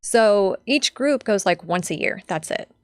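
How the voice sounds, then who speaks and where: A woman's voice: mid-range voice, expressive, a little slow, dry recording, clean studio sound. A young adult woman telling a personal story as a podcast guest, heartfelt and chatty with lots of fillers.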